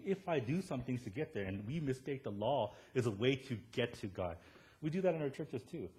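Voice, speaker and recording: A male pastor preaching a sermon in a church, telling self-deprecating stories and often checking in with "right?" before rising to loud emphatic points. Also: mid-range voice, quick pace. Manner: animated storytelling, rising to loud emphatic peaks, tag questions "right?".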